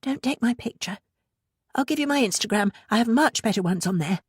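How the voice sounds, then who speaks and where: A woman's voice: fairly high pitch, lively intonation, a little fast, slightly rough, dry recording, studio quality, pitched above the performer's own voice. A woman doing Victoria, a vain attention-loving mother.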